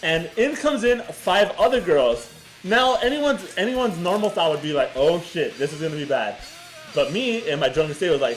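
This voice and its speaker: A man's voice: on the high side, moderate pace, music in the background, low-quality recording. A man co-hosting a podcast, telling a story in casual chat and swearing freely. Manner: animated, swearing, laughing storyteller. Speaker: podcast co-host.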